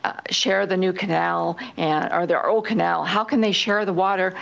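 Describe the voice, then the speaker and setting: A woman resident testifying at a public hearing, upset and halting, with many fillers. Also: on the low side, fairly even intonation, vocal fry, a bit bright. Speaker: resident giving public comment.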